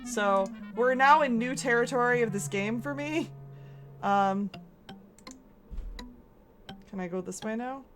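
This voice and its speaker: A woman's voice: a little high, faint music behind. A woman casually chatting and joking while livestreaming an old adventure game. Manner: giggly and playful, quick asides.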